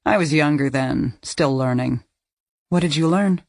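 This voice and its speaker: A woman reading the lines of a calm, probing woman police detective in an audiobook, speaking in an even, unruffled way. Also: low voice, unhurried, no echo.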